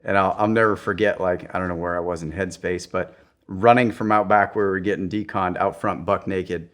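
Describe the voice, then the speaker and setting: A lively man with a lowish voice, telling training stories on a podcast. He jumps into loud acted-out quotes and swears often, laughing as he goes. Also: a little fast. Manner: animated storyteller who acts out quotes in raised voices. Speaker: podcast guest, special ops veteran. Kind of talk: casual storytelling.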